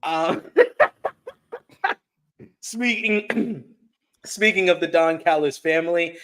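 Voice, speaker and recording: A man co-hosting a wrestling review, recapping events calmly, defending his opinions and reading out chat comments. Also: on the high side. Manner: calm, defends his view, laughs, reads chat comments. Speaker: co-host. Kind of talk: casual podcast recap.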